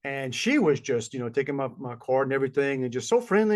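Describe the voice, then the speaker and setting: A man's voice: medium pitch, sing-song, fast talker, hardly any pauses. A middle-aged man, chatting casually as a podcast co-host and rambling through stories. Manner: rambling storyteller, acts out voices of people he met. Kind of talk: casual chat.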